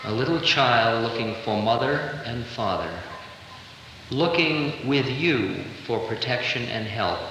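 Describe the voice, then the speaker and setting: A man's voice: mid-range voice, lively intonation, slow, noisy background. A man in his thirties giving a playful, conversational spiritual lecture, recorded live in a large hall in 1970. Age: 30s. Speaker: spiritual teacher.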